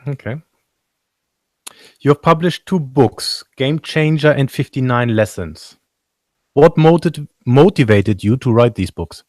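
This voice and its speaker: Male interviewer, medium pitch, dry sound, brief direct questions. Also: measured pace, darkish tone, dry recording. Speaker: interviewer, host.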